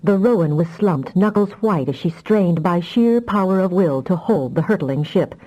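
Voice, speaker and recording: A woman narrating a fantasy audiobook with expressive storytelling. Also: on the low side, normal speed, rough recording.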